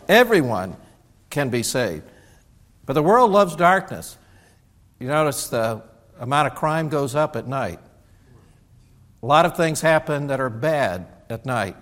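A man's voice: a little high, unhurried, long pauses. A man preaching a sermon as pastor, telling folksy stories and acting out other people's lines, originally from Indiana. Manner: folksy storytelling with animated quoted voices. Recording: church sanctuary with long reverb.

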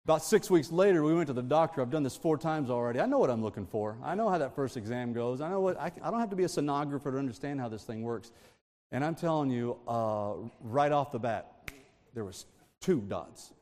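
Laughing preacher in a reverberant sanctuary. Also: male voice, medium pitch, expressive, fairly quick, a little mellow. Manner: storytelling with frequent laughs and asides. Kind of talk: sermon.

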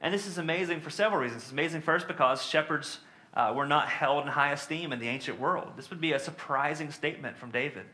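A man delivers a sermon in a relaxed, conversational teaching style. His voice is bright and forward, and he leans on fillers and tag questions as he explains. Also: on the high side, fast talker. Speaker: preacher.

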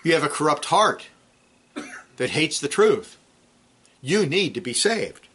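A man preaching a sermon, swinging between loud emphatic peaks and low, quiet drops. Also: sing-song, unhurried, pauses often. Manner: clears throat now and then.

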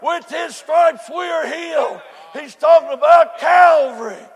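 A man preaching a sermon, swinging between loud shouted cries and low, quiet storytelling. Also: unhurried, gravelly, a faint crowd. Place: church. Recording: echoey hall with faint congregation.

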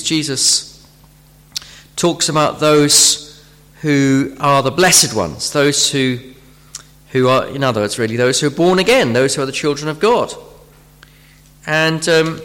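Higher-voiced male preacher, halting delivery, acts out imagined speakers, long hall reverb. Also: fairly bright tone. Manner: halting, repeats words while searching for phrasing. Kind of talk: sermon.

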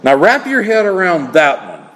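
A man's voice: high-pitched, wildly swooping pitch, normal speed, a bit bright. A man preaching an expository sermon in an emphatic style, often repeating phrases for stress. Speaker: pastor. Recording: long hall reverb.

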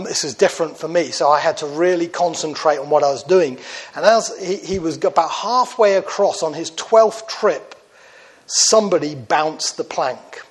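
Male preacher, fairly high voice, chatty storytelling, halting with fillers. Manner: conversational, many fillers and restarts, drops quiet for quoted lines. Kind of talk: sermon storytelling.

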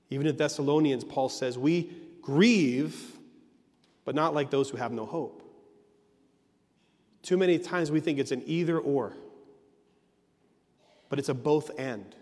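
A man's voice: fairly high pitch, measured pace, pauses often, darkish tone. Earnest preaching man in a reverberant hall. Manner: earnest preaching with emphatic repetition. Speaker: pastor. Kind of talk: sermon.

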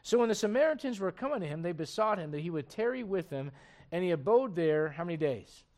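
High-voiced man preaching a sermon. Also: lively intonation, quick pace, a little mellow. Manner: conversational, jokes with the congregation and reads scripture aloud. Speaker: pastor.

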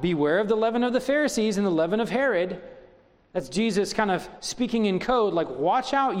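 A man's voice: high voice, big-room sound. A middle-aged man preaching a sermon as pastor, driving home his points with strings of rhetorical questions.

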